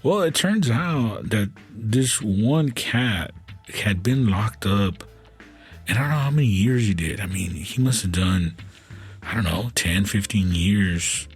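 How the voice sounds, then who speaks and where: A man with a very deep, husky voice tells stories at an unhurried pace, stopping and restarting often. He sometimes drops to a soft, emotional tone, and faint music plays under him. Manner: halting, many restarts and fillers; turns soft and emotional at times. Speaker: podcast host. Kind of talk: casual storytelling.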